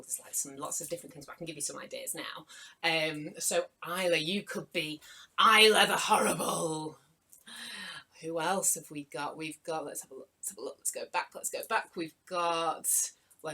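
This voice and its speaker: A woman's voice: fairly low pitch, sharp tone, rough recording. A woman running a live online writing workshop for children, chatty and encouraging as she greets viewers by name.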